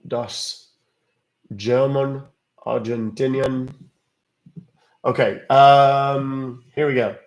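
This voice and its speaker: Man, gravelly voice, mid pitch, chatty livestream host, wisecracking, casual swearing. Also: fairly even intonation, very slow, long pauses. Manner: chatty and wisecracking, swears offhandedly, calls viewers kids. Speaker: livestream host calling scammers.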